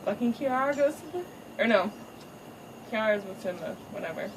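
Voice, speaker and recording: A woman's voice: medium pitch, expressive, normal speed. A woman casually retelling a cartoon movie as a crude comic recap, rambling and profane. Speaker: storyteller. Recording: faint noise, distant home mic.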